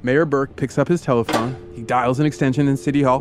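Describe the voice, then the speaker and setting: A male podcast host spins a true story as a lively imagination exercise, addressing the listener as "you." He is playful and theatrical, dropping in brief funny voices for the characters along the way. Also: mid-range voice, quick pace, noisy background. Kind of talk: storytelling narration in second person.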